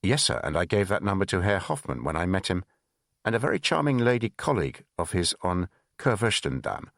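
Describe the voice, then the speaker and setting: A man's voice: deep voice, very animated, brisk, gravelly, fairly bright tone, no echo, clean studio sound, full character voice. A man voicing a nervous older German man who speaks anxiously and hesitantly.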